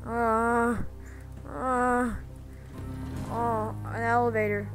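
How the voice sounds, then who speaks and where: A woman gives let's play commentary, jokey and nervous, repeating herself as she goes. Her voice sits a bit high and she talks slowly, with faint music underneath. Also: bright, forceful tone, poor audio. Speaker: gamer.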